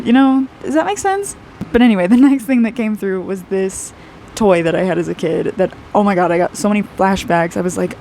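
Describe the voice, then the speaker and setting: A woman in her twenties talks through an intuitive aura reading as she draws, rambling and chatty with a steady stream of "like" and easy laughter. Her voice sits at an ordinary pitch with noticeable vocal fry, and a faint background hiss runs under the recording. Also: fairly quick. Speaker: aura reader and artist. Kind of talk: casual intuitive reading while drawing.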